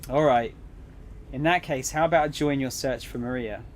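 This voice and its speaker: A man reading the lines of a cool, snide male embassy agent in a visual novel, calm and condescending. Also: mid-range voice, normal speed, slight background noise, close to an everyday voice.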